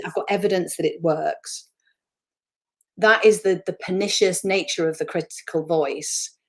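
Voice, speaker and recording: Animated Northern English woman speaker. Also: lowish voice. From north of England. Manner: animated, acts out voices of self-talk. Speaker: motivational speaker. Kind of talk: webinar interview talk.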